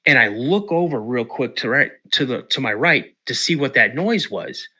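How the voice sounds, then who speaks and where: Man from washington state, podcast guest, animated storyteller, very bright forceful voice. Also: mid-range voice, moderate pace, slightly rough. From Washington state, USA. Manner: animated, acts out quotes, repeats words.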